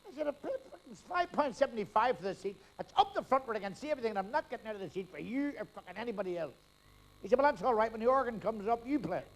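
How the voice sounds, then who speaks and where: On a live stage, a middle-aged comic with a very high, expressive voice rattles off crude punchlines in rapid succession and laughs at his own gags. The recording is rough.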